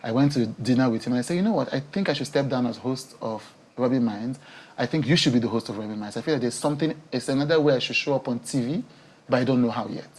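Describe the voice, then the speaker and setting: A woman who hosts a talk show, speaking as a guest on a TV studio interview; animated and emotional, laughing often. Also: extremely low pitch, quick pace, breathy edge. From Nigeria. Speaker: talk show host and media entrepreneur.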